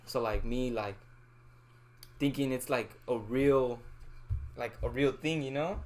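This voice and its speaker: A man's voice: mid-range voice, slow pace. A young man co-hosting a casual chat with friends, telling stories full of slang and swearing and acting out what people said. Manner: animated storyteller, heavy slang and swearing, acts out quotes. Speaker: podcast co-host.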